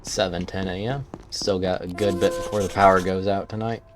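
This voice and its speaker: A man's voice: sits low, fairly even intonation, brisk, noisy background. A man casually thinking aloud as he plays a survival game. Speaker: gameplay streamer. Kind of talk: let's-play commentary. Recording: game music underneath.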